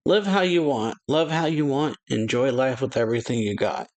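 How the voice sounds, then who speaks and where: A man's voice: medium pitch, animated, moderate pace, darkish tone, pitched above the performer's own voice, natural voice. A man reading aloud the lines of a spirited, fiercely loving older sister, lifting his voice for emphasis. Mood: emphatic.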